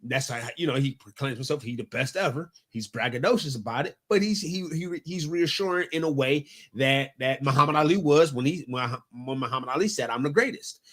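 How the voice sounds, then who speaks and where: This sports podcast co-host has a medium-pitched, slightly bright voice. In the show's casual talk, his delivery is halting, with repeated restarts as he builds his argument.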